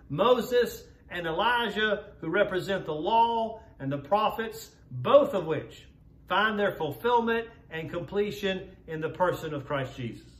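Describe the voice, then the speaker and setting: A man preaching a sermon as a pastor, in an earnest, measured way, slowing down to stress key words. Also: high voice, fairly bright tone. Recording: roomy echo, voice from a distance.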